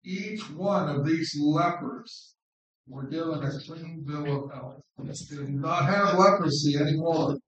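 A man preaching an informal sermon on scripture in an unhurried, conversational way, repeating words for stress. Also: a little high, lo-fi sound. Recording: very echoey room, distant mic.

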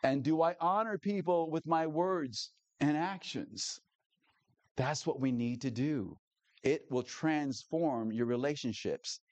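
A male pastor preaching a sermon, telling a personal story in a lively way, acting out the dialogue and laughing often. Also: medium pitch, no room sound.

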